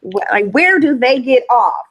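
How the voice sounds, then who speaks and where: A woman joins a talk show as a guest, giving blunt, dismissive opinions in casual chat. Her voice sits somewhat high, and the sound is dry and close with no room around it. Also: very animated, unhurried, fairly bright tone, no echo, poor audio.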